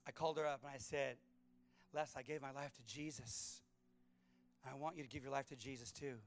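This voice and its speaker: A middle-aged man preaching a sermon, telling personal stories with animated swings between loud punches and hushed asides. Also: medium pitch, brisk, faint music behind. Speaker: pastor.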